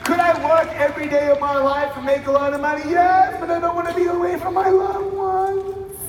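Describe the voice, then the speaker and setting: A man in his thirties delivers a fiery motivational speech, pushing the crowd to shout words back at him. His voice sits very high for a man. He sounds far from the mic in a big hall with a long echo. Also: flat delivery, fairly quick. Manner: emphatic, preaching, with call-and-response and shouted lines. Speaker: motivational speaker. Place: large hall with a live audience. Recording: echoey hall, distant mic, crowd noise.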